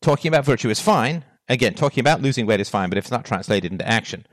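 A man delivers a solo philosophy monologue, firing off one rhetorical question after another. His voice rises and falls across a wide, lively range. The sound is close and dry, with no room around it. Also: medium pitch, rapid-fire, dry recording. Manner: rhetorical questions, emphatic and animated. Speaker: philosophy talk host.

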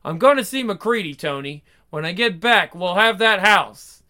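An actor playing a proud, hot-tempered young husband who talks in a brusque, streetwise way, in 1940s radio acting. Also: male voice, sits high, expressive, normal speed, bright, forceful tone. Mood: defiant. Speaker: gas station owner, husband.

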